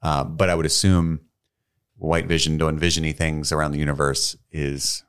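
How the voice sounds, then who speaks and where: Very deep-voiced man chatting casually. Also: flat delivery, normal speed, smooth. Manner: wry, chatty, self-deprecating. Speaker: podcast co-host. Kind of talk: casual chat.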